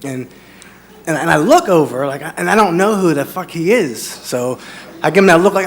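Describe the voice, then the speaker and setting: A man's voice: on the high side, animated, a little fast. A man doing stand-up, telling a rambling bar story that repeats itself and breaks into his own laughter. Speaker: stand-up comedian.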